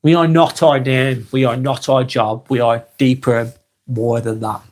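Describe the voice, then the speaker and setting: A man in his forties with a Lancashire accent, hosting a calm live vlog and reading comments while he has a cold. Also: mid-range voice. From East Lancashire, England. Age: 40s. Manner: unhurried, reflective, musing aloud with tag questions.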